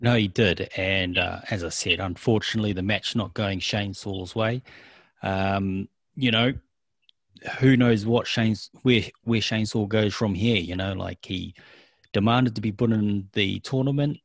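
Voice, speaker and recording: A man with a New Zealand accent, co-hosting a show and casually recapping events step by step with frequent pauses. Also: lowish voice, dry recording. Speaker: co-host of a wrestling recap show. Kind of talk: casual chat.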